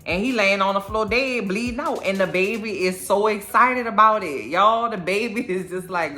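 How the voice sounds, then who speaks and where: A woman recaps a TV episode in a bright, sharp voice, sassy and animated. Faint music plays behind her. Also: mid-range voice, moderate pace, hardly any pauses. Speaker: show recapper.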